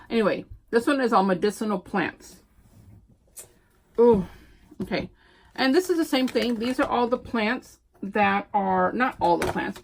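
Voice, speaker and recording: A middle-aged woman, a homeschooling mom telling stories in a chatty, animated vlog. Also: medium pitch, gravelly, slight background noise. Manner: chatty, animated storyteller with frequent fillers. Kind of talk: casual chat.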